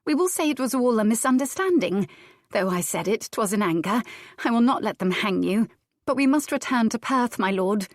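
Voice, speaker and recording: A woman's voice: fairly high pitch, expressive, normal speed, no echo, studio quality, voice pushed up. A woman voicing a proud, indignant young noblewoman in an audiobook, haughty and snapping. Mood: pleading.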